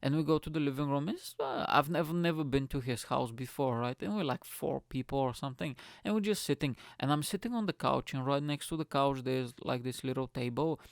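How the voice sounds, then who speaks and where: A man's voice: medium pitch, a little fast, creaky, few pauses, no echo. Rambling, profane man hosting a podcast. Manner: rambling, profane, animated storytelling. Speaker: podcast host. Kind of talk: casual solo podcast rant. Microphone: studio microphone.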